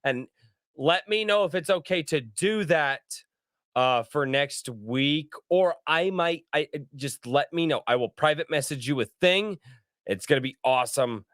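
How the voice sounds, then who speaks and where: Man, animated, joking, swearing, dry close sound, tabletop game host. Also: on the high side, unhurried, dry recording. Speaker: host and player. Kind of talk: casual tabletop game chat.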